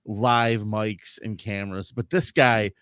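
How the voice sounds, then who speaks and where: A man's voice: fairly low pitch, fairly even intonation, slow pace, a bit bright, smooth, no room sound, studio quality. A man co-hosting a casual podcast, reading chat messages in a joking, self-mocking way. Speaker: podcast co-host.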